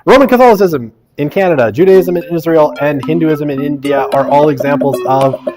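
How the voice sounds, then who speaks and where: Faint music plays behind a man running a quiz in his university sociology lecture classroom; he reads the questions and jokes with and teases his students. His voice is on the high side, a little mellow, and fairly quick.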